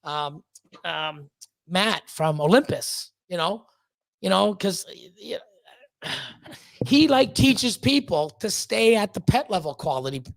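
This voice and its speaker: This podcast guest, a snake breeder, talks slowly in a high, gravelly, expressive voice, recorded without echo. His candid rant is blunt and full of profanity, and he repeats himself as he gets heated.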